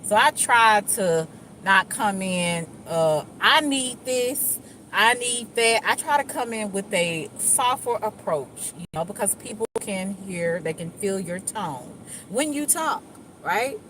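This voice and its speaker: Woman vlogger, animated pitch, casual car chat over faint road hum. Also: measured pace, poor audio. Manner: chatty, animated, acts out other people's voices. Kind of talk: casual chat while driving. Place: inside a moving car.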